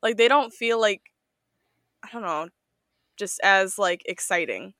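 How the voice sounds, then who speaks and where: A woman co-hosting a casual podcast, with a bright, forward tone and a relaxed, chatty manner. Her voice is close and dry, with no room sound around it. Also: medium pitch, a little slow, dry recording. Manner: relaxed, chatty, laughs often. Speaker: podcast co-host. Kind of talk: casual chat review.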